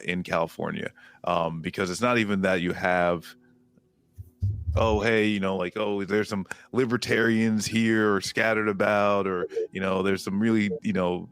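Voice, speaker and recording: A man's voice: deep voice, a bit bright, dry recording. A man on a podcast panel giving hesitant, filler-heavy answers, with sarcastic asides. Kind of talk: casual discussion.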